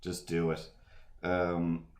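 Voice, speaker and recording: A man's voice: sits low, completely flat delivery, takes it slowly. A man chatting casually on a livestream while he draws, wandering through asides and fillers. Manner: meandering, full of fillers and asides. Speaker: livestream artist. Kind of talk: rambling casual chat while drawing. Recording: echoey room.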